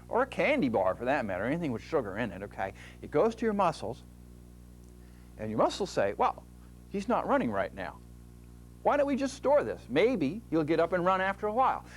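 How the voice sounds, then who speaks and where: A man's voice: mid-range voice, slight background noise. A man from the United States explaining fitness at a diagram in a folksy manner, acting out muscles talking. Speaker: fitness instructor. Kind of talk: explaining at a whiteboard.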